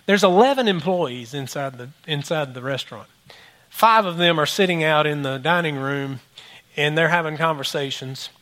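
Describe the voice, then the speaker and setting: A man's voice: high-pitched, bright, forceful tone. A man, a pastor preaching a sermon as a rambling story, full of restarts and asides to the congregation.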